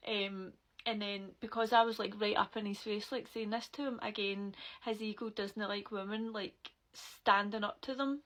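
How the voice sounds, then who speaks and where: A young Scottish woman from Glasgow tells her story to camera in a chatty, animated way, full of "like" and swearing. Her voice has a gravelly, creaky edge, and it gets loud and forceful when she quotes what she said back then. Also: medium pitch, normal speed, rough recording. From Scotland.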